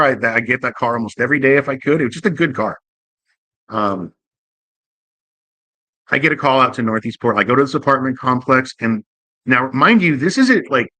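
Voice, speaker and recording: A man hosting a show who tells a profane, jokey anecdote in a casual and animated way. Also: mid-range voice, dry recording. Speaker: host. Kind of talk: casual comic storytelling.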